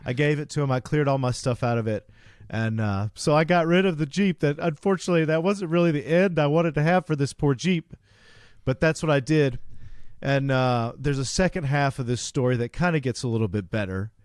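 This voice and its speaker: A man's voice: on the high side, brisk, darkish tone, clear, resonant tone, dry recording. Rambling storyteller man, dry mic. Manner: rambling storyteller, acting out both sides of dialogue. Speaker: podcast co-host. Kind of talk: casual storytelling chat.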